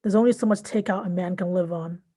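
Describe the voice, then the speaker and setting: A woman reading the lines of a young male doctor who speaks in a slow southern drawl. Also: on the low side, steady tone, mellow, lightly acted. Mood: easygoing.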